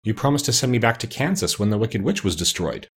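A man's voice: expressive, fast talker, husky. A man voicing a young girl, earnest and direct, asking insistent questions. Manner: raised pitch, insistent questions.

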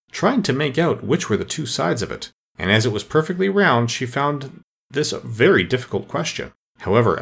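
Male storybook narrator, mid pitch, very animated and expressive reading. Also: gravelly, husky.

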